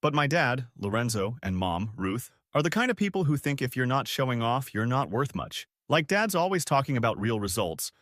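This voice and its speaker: A man's voice: mid-range voice, big pitch swings, normal speed, few pauses, a bit bright, dry recording, clean studio sound. Casual young man narrating a story. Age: 20s. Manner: casual, slangy, spelled-out abbreviations. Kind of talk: first-person story narration.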